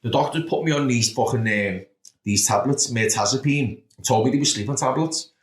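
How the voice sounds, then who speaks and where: At a moderate pace and medium pitch, a Liverpool-accented podcast guest in his thirties shares candid stories of his past. He's blunt and sweary, leaning often on "do you know what I mean," and the recording carries a roomy echo.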